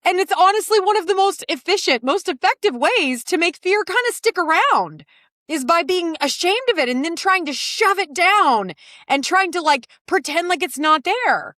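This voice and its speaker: A woman's voice: very high-pitched, lively intonation, moderate pace, bright, forceful tone, dry recording, clean studio sound. A middle-aged woman hosting a podcast, talking candidly in a casual confessional monologue, swearing and laughing often. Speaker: podcast host.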